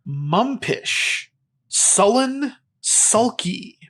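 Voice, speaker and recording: A man's voice: high-pitched, very animated, extremely slow, fairly bright tone. A man hosting a comedy podcast, rambling playfully with lots of fillers. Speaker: podcast host.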